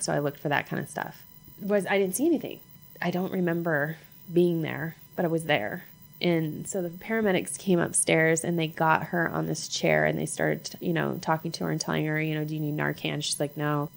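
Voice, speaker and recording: A middle-aged woman tells a personal story in a low, gravelly voice. She speaks haltingly, repeating herself and acting out what each person said. Her voice has a steady rasp of vocal fry. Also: poor audio. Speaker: mother sharing her story.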